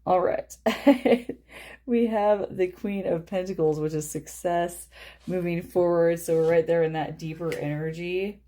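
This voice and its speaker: A woman's voice: fairly low pitch, fairly even intonation, measured pace, mellow. A woman doing a casual tarot card reading in her living room, chatty and snarky and laughing often. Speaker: tarot reader.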